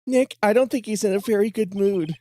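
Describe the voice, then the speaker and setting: A man's voice: sits high, brisk, mellow, voice pushed up, lightly acted. A man voicing a cheerful young female sidekick in a game, in a raised, lighter voice. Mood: concerned.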